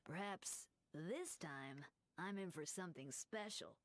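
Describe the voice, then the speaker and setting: An actress voicing a devout, teasing churchgoer in a video game, with a dry, gently wry delivery. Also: female voice, lowish voice, animated, measured pace, dry recording. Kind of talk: game character dialogue.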